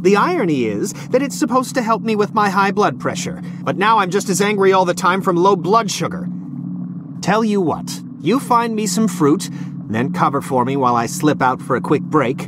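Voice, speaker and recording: A cranky middle-aged male scientist in a video game, snapping insults in a high, swooping voice. He flares up with sarcasm, then sheepishly apologizes for his temper. A loud rumbling noise runs beneath him. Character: irritable, hungry middle-aged male scientist with two doctorates.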